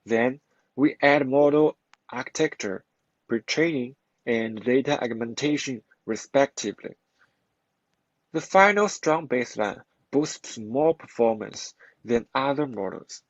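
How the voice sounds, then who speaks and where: A man's voice: medium pitch, lively intonation, unhurried, dry recording, muffled recording. Man reading a formal technical talk. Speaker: conference presenter.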